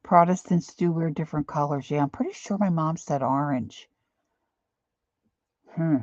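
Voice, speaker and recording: A woman's voice: deep voice, moderate pace, a little mellow, no room sound, muffled recording. An older woman chatting casually while she paints live, rambling and reading viewer comments aloud. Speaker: painting instructor. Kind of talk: live painting stream chat.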